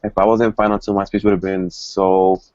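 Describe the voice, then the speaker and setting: A man's voice: low-pitched, a little fast, dry recording. A man gossiping animatedly with friends over a video call, acting out what others said. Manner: animated, gossipy, acts out quotes. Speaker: former contestant. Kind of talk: casual group chat. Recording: dull lo-fi call audio.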